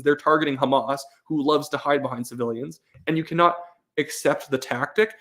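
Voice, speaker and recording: A young man talks casually on his live stream. He reads questions from chat aloud and answers them with firm opinions, often stumbling, restarting and filling gaps with "uh". His voice sits at an ordinary middle pitch.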